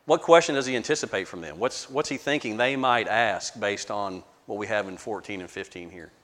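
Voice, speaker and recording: A man's voice: on the low side, fairly quick, a bit bright, big-room sound. A man leading a verse-by-verse Bible study, talking conversationally, often restarting words and asking the group for questions.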